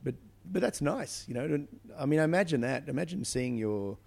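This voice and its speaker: A man who is a working comedian, chatting casually and telling stories in an animated way. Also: on the high side, normal speed, gravelly. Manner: animated storytelling with frequent restarts. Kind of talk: casual chat.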